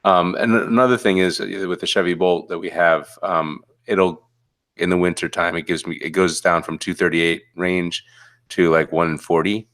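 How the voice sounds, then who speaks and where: A man with a very deep voice co-hosts a casual podcast. He talks in a relaxed, rambling way, padding his points with ums and you-knows. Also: normal speed. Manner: relaxed, rambling, many fillers. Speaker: podcast co-host.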